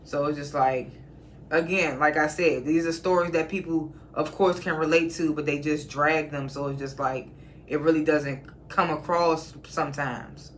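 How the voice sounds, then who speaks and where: Flat-voiced casual TV episode reviewer. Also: medium pitch, moderate pace, a little hiss or hum. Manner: conversational, retells scenes with "she's like" quotes and asides.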